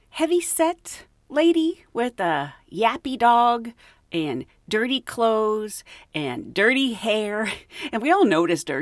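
A woman podcast host tells casual stories in an animated, giggly way. Her pitch swoops widely as she acts out other people's lines. The sound is dry and close. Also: no echo. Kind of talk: casual storytelling.

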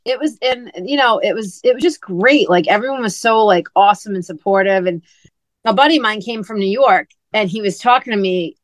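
A woman's voice: mid-range voice, fairly quick, no room sound. A woman co-hosting a podcast, chatting casually and telling stories, acting out what others said. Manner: chatty storyteller, acts out quoted talk. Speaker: podcast co-host and author. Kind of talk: casual chat.

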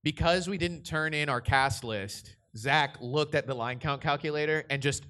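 A man's voice: a little high, moderate pace, sharp tone. A young man, a voice director, answering a convention panel question in a casual, rambling way with frequent restarts.

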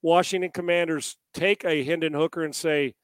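A man's voice: fairly high pitch, fairly even intonation, normal speed, clear, resonant tone, no room sound. Chatty man posing rhetorical questions, dry sound. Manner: rambling, fires off rhetorical questions. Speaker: sports show co-host. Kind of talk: casual sports talk.

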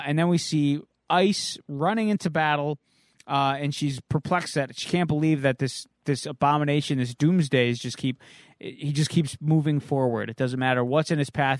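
Rambling, higher-voiced male podcast host. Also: no room sound, clean studio sound. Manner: rambling, with many uhs and ums. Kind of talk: casual chat, recapping a comic.

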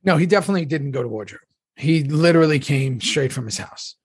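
Husky-voiced man recounting stories on a podcast. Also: a little high, animated, fast. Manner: conversational, storytelling, swears casually. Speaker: podcast co-host, former cast member. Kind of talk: casual podcast chat.

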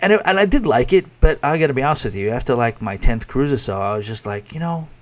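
A man's voice: medium pitch, fast, highs cut off. A man with a New York accent hosting a podcast, chatting casually and self-deprecatingly with lots of restarts. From New York City, USA. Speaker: podcast host. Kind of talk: casual interview chat.

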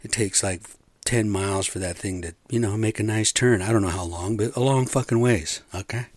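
A man's voice: lowish voice, fairly quick, no echo. A middle-aged man venting to his listeners in a casual rant, frustrated and profane, rambling with lots of fillers. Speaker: construction site worker venting.

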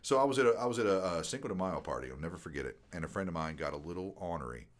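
A man's voice: low voice, animated, racing. A man on a podcast, casually telling rowdy, profane stories and laughing often. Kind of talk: casual chat, storytelling.

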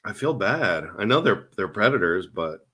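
A man in casual comedic chat, telling animated stories as a podcast co-host. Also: lowish voice, normal speed, breathy edge. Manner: animated storytelling with laughs.

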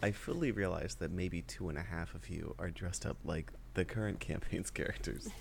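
A man's voice: low voice, moderate pace, vocal fry, a little hiss or hum. A man at a tabletop game, making dry, teasing remarks and describing costumes. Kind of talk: casual tabletop chat.

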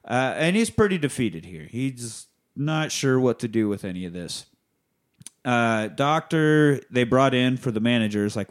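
A man's voice: mid-range voice, moderate pace. A man hosting a podcast who recaps a movie in a loose, profane, rambling way. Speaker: podcast host.

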